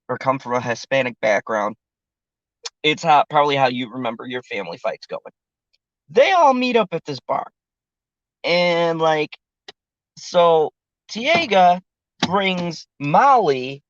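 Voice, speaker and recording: An adult reviewer talking through a TV episode in a casual, animated way and swearing freely. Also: medium pitch, no room sound, dull audio. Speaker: TV show reviewer.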